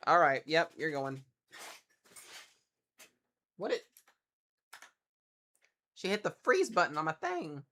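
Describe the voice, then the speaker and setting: A man's voice: on the high side, wildly swooping pitch, takes it slowly, long pauses, pushed and bright. A man hosting a casual weather livestream, chatting and thinking aloud as he waits for new forecast data to load. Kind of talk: casual live-stream weather commentary.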